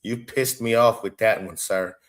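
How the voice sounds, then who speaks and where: A man hosting a casual live stream, animated, swearing and talking back to his chat. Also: lowish voice, normal speed. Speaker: show host.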